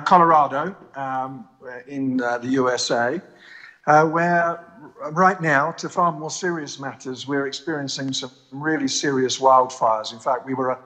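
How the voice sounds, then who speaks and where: A man's voice: medium pitch, a bit bright. A man as an interview guest speaking over a video call, chatting in a self-deprecating, joking way that turns earnest. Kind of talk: casual conversation. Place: home in the US, remote link.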